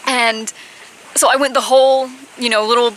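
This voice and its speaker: A woman in her twenties telling a casual storytime on her vlog, chatty, with high-pitched bursts when she quotes herself. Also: steady tone, fast, slight background noise, rough recording. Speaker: vlogger.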